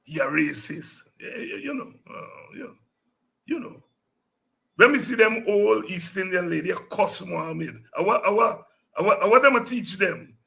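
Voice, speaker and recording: A man hosting a political talk show, telling animated stories and breaking into song. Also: high voice, moderate pace, vocal fry. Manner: animated storytelling, breaks into singing and shouting. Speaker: show host.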